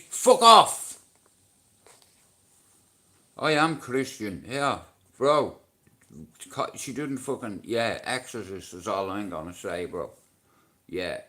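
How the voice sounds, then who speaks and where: A middle-aged man with a Dublin Irish accent, chatting on his livestream, swearing freely and bantering with viewers. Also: sits low. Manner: profane, banters with chat and shouts at commenters. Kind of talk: casual livestream chat.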